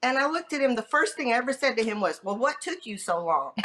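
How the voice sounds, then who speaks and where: A middle-aged woman guest on a podcast, telling a personal story in a lively way and acting out the quoted dialogue. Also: quick pace, hardly any pauses, noisy background. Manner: lively, acts out quoted dialogue with pitch jumps.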